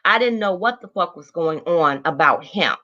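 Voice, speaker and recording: A woman's voice: on the low side, lively intonation, normal speed, bright, forceful tone, highs cut off. An older woman hosting a livestream, greeting viewers by name and then launching into a blunt, heavily profane, angry rant at her chat. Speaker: livestream host.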